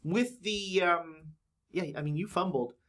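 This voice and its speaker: A man's voice: high voice, fairly bright tone. A man running a tabletop horror game as game master, narrating with many ums and restarts. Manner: halting, filler-heavy narration.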